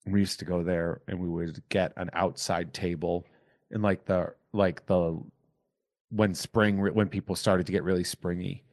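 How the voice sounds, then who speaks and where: A man's voice: deep voice, flat delivery, unhurried, darkish tone, no echo, clean studio sound. A middle-aged man hosting a podcast in casual chat, telling rambling stories that start over and wander. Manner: rambling, self-interrupting storyteller. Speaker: podcast host.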